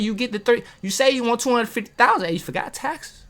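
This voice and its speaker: Seated at a table and filming himself, a motivational video host delivers a casual, preachy talk to the camera, peppering viewers with rhetorical questions. His voice is extremely high, sharp and animated, and he talks fast with hardly any pauses.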